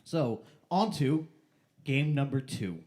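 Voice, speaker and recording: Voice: mid-range voice, lively intonation, takes it slowly, darkish tone. A playful host running a silly game show on a live stream, stretching out key words like an announcer.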